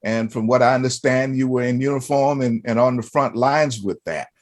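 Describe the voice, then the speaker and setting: A man hosts a conversational interview in a mid-pitched, everyday voice. He asks long, meandering questions, restarting phrases and leaning on fillers as he goes. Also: normal speed. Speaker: host.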